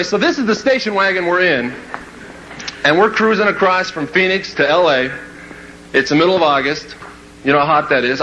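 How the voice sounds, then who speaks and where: A man spins a comic tale for a live crowd, his voice swinging high and low as he plays it up. He sits a touch higher than most men. The recording carries a steady layer of noise. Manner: animated, playful, shouts and laughs through the story. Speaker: motivational speaker. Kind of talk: comedic storytelling to a live audience.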